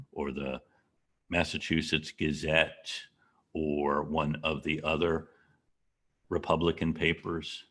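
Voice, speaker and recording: A man's voice: very deep voice, fairly bright tone, breathy edge. A man giving a classroom history lecture, telling the story and asking the class questions.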